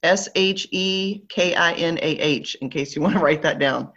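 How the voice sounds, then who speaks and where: At normal speed, a woman whose voice is on the low side with a fairly bright tone reads oracle cards aloud to a live online group. She speaks with a Southern American accent, leads the group playfully and upbeat, and the lo-fi audio is slightly dull.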